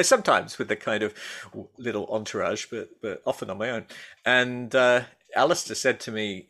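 A man's voice: fairly low pitch, normal speed, bright, forceful tone. A middle-aged man talking as a guest in a casual interview, rambling and hesitant with many restarts and fillers. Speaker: guest, baker and food writer.

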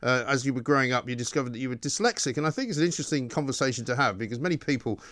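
A man hosting a radio talk show, asking questions briskly and dropping in quick interjections. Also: medium pitch, a bit bright, no room sound, clean studio sound. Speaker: radio host.

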